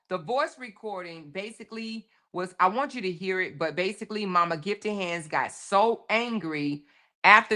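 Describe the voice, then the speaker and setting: Emphatic woman host with a bright, forceful voice. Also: mid-range voice. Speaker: commentary show host. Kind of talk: casual commentary on a viral video.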